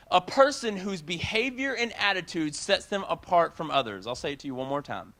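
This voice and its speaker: A young man in his twenties giving a casual youth sermon, telling a story in an animated way and talking straight to the crowd. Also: high voice, fairly quick, hardly any pauses. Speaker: youth speaker.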